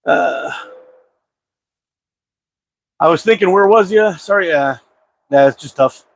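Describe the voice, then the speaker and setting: A man's voice: high voice, expressive, normal speed, vocal fry, no room sound. A man hosting a casual live-stream chat about slingshots, talking in a laid-back, rambling way with lots of "uh" fillers. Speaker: slingshot channel host. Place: at home.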